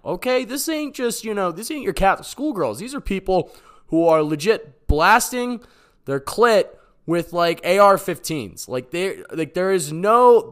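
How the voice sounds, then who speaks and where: A podcast host from the Boston area, USA, with a high and fairly bright voice, answers voicemails. His chat is joking and sarcastic, rambling with fillers.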